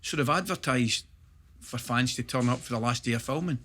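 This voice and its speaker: Bright, lively Scottish man. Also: mid-range voice, a little fast. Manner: animated storyteller, laughs through his stories. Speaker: guest, former footballer. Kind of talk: casual podcast chat, anecdote telling.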